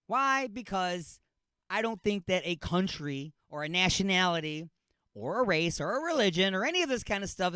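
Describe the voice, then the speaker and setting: A man's voice: high-pitched, fairly bright tone, clean tone, no echo, clean studio sound. A man hosting a comedic talk radio show, ranting in a monologue and firing off rhetorical questions, often restarting and repeating himself.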